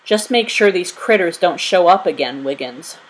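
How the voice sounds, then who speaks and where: A woman voicing a gruff male storehouse overseer who snarls and growls. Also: on the low side, lively intonation, normal speed, low-quality recording.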